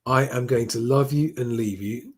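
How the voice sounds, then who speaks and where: Speaking at normal speed in a medium-pitched voice, a man reads viewer comments on a casual home livestream with slight background noise. He's chatty and rambling, frequently starting sentences over.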